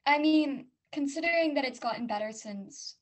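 A woman's voice: high-pitched, moderate pace. A woman co-hosting a podcast in casual chat, hesitant and self-conscious, often trailing off. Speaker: podcast co-host.

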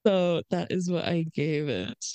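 A woman's voice: lowish voice, lively intonation, unhurried, mellow, dry recording. A woman co-hosting a film podcast, chatting casually and hedging with "like". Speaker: podcast co-host. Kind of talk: casual chat.

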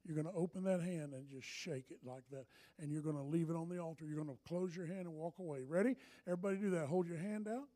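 A man preaching a sermon in an animated, impassioned way, often breaking into shouts. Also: fairly high pitch, fast talker.

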